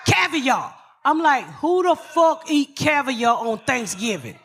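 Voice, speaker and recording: Woman comic host, live stage, high bright voice, brash and profane. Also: big pitch swings, slow, a little hiss or hum. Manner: brash, blunt, laughs through her stories. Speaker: podcast host.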